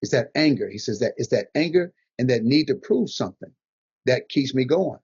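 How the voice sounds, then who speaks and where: Dull lo-fi audio captures an older man, a guest comedian, whose medium-pitched voice is a little fast with a breathy edge. He gives motivational advice conversationally, acting out others' words as a lively storyteller.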